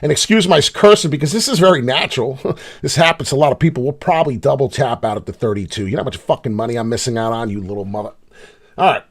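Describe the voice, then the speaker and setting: A middle-aged man hosting a live crypto trading channel, talking casually and swearing in frustration, jumping between loud outbursts and low grumbling. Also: quick pace.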